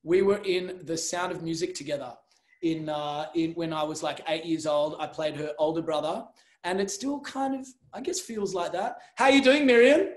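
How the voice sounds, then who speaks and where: High-voiced joking man hosting. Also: normal speed, darkish tone. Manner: chatty and joking, rambling with fillers. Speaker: host. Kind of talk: casual livestream hosting.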